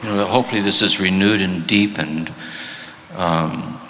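A man's voice: low-pitched, moderate pace, slight background noise. A man teaching at a spiritual retreat, telling jokes and stories, then answering questions reflectively. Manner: animated storytelling, reflective. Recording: reverberant hall.

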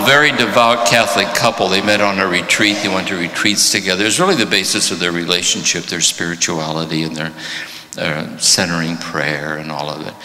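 A man teaching at a spiritual retreat, telling jokes and stories, then answering questions reflectively. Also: deep voice. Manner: animated storytelling, reflective. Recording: reverberant hall.

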